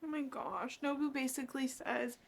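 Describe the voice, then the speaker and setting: A woman's voice: sits high, normal speed, creaky. A woman book vlogger casually recapping a manga she is reading, with gushing, emotional reactions.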